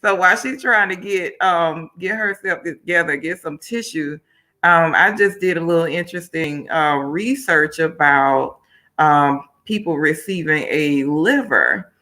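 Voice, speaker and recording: A woman's voice: low-pitched, unhurried, bright, forceful tone. A woman from Miami hosting a livestream talk show, upbeat and colloquial, chatting to her viewers between questions. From Miami, Florida. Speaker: host.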